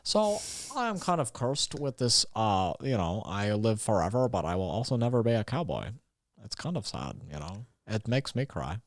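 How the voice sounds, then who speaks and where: Dry, close sound with no room echo. A man voicing a fretful vampire with a lowish, very lively voice that rises and falls as he rambles. He is nervous and rambling in an improvised comedy scene. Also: normal speed. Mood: wistful. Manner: rambling, flustered, lively delivery. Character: gloomy male vampire who dreams of being a cowboy.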